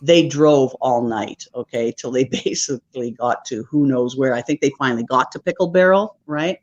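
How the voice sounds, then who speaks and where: A woman's voice: very deep voice, moderate pace. Woman, podcast guest, loose chatty storyteller, dull lo-fi recording. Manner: rambling, checks in with "right?". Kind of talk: casual storytelling.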